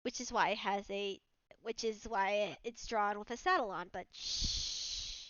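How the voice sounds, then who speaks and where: A woman's voice: medium pitch, normal speed, fairly bright tone, clean tone, no echo. A woman running a tabletop game as game master, narrating in a rambling way full of restarts. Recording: dull lo-fi sound, dry.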